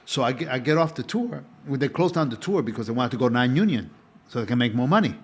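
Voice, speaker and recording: Husky man rambling through his story. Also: mid-range voice, expressive, fast. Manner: rambling, restarts often, chatty. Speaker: guest, former stage actor. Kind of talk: conversational interview answers.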